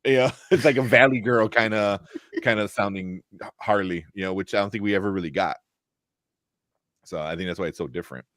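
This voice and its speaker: A man's voice: fairly low pitch, fairly quick, fairly bright tone, dry recording, studio quality. A man co-hosting a casual live chat show, easygoing, with lots of fillers and agreeing asides. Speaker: co-host.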